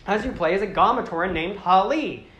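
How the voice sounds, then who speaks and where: A woman giving a rambling, animated casual talk to a live audience, often slipping into character voices. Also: medium pitch, a little fast, reverberant. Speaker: presenter.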